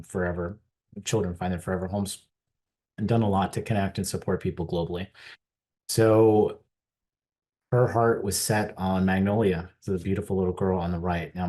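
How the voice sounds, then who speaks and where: Middle-aged American man, deep-voiced keynote speaker, animated earnest storyteller. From United States. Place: conference stage.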